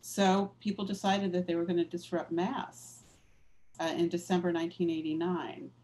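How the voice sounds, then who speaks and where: A woman's voice: fairly low pitch, level tone, normal speed, a little mellow, low-quality recording. A woman author and activist, the guest in a conversational interview, telling stories in a candid, reflective way with casual fillers.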